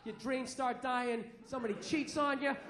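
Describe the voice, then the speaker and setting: Brash, high-voiced comedian in his forties. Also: fairly even intonation, moderate pace, fairly bright tone. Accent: Boston. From Massachusetts, USA. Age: 40s. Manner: brash, profane, ranting with mock outrage. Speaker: stand-up comedian. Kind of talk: stand-up comedy set. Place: theater stage. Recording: echoey theater with crowd laughter. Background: audience laughter and ambience.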